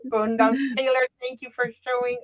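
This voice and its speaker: A woman's voice: fairly high pitch, flat delivery, measured pace, lo-fi sound. A woman co-hosting a live stream, talking casually with wry asides and frequent laughs. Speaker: co-host of a live commentary stream.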